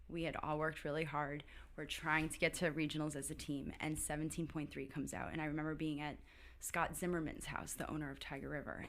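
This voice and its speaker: A woman in her thirties chats casually as a podcast guest, telling stories and sprinkling "like" through nearly everything she says. Her voice is low, pushed, and bright.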